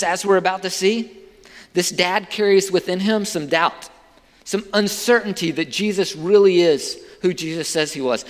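A man's voice: sits high, fairly bright tone, big-room sound. A male pastor preaching a sermon in a conversational way, asking his listeners rhetorical questions.

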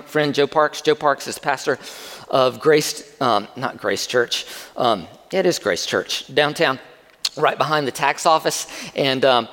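A man preaching to his congregation in an easygoing, talky manner, circling back to repeat key lines. His voice sits a little higher than most men's. It hangs in a long reverb, as if in a large sanctuary. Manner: conversational, repeats key phrases for emphasis. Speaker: pastor. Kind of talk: sermon.

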